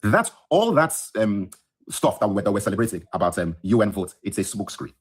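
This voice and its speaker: Speaking a little fast and very animated, with a fairly low, breathy voice, a podcast host rants heatedly on a solo livestream. He's just woken up, holding his phone in his bedroom, indignant and emphatic as he repeats lines for effect.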